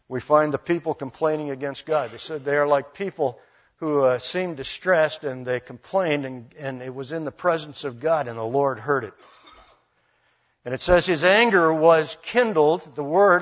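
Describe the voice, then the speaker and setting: Male preacher, sermon, animated storytelling, folksy asides, slightly high voice, dull lo-fi recording.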